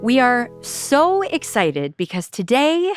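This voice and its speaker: A woman's voice: on the high side, huge pitch swings, takes it slowly, soft background music. A woman co-hosting a podcast, upbeat and asking eager questions. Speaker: podcast co-host. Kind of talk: casual podcast chat.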